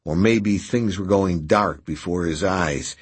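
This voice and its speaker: A man reading an audiobook aloud in a steady, measured scripted narration. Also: sits low, breathy edge.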